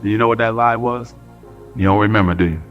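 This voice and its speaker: A man giving an animated storytelling speech as a retired player paying tribute, stretching words out for emphasis. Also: lowish voice, highs cut off. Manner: lively, drawn-out emphasis, jokes with the crowd. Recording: archive clip with faint music behind.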